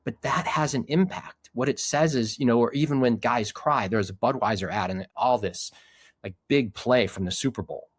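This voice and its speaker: A man's voice: medium pitch, normal speed, no room sound, studio quality. A middle-aged man and podcast guest who speaks earnestly and reflectively about his men's groups, often restarting his sentences. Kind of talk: casual conversation.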